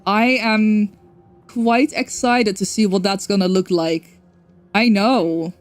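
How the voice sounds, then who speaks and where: A woman's voice: mid-range voice, takes it slowly. Rambling woman streamer. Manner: rambling, self-correcting, swears casually. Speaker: game streamer. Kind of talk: casual livestream chat.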